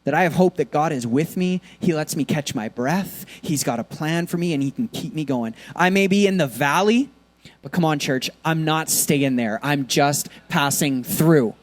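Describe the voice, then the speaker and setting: A man preaching a sermon in a church, talking casually with lots of fillers, and swinging between soft, quiet lines and loud, emphatic ones. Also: on the high side, normal speed. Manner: casual, conversational preaching with many fillers and laughs. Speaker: pastor.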